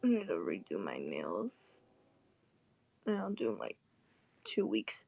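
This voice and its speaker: A woman's voice: a bass voice, wildly swooping pitch, slow pace, gravelly, a little mellow. A young woman vlogging in a casual chat, rambling and swearing with sarcastic asides. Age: young adult.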